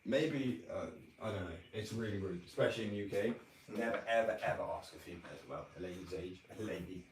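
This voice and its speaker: A man's voice: fairly low pitch, fast, slight background noise. A man, rambling, opinionated and sweary in casual chat. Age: 20s. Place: workshop room. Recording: echoey room, far from the mic, music behind.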